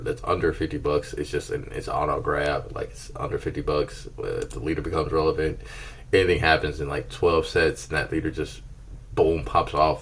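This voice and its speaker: Laid-back male host, very deep husky voice, casual price rundown with silly asides. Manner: laid-back, playful, breaks into silly singsong. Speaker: channel host reviewing card prices.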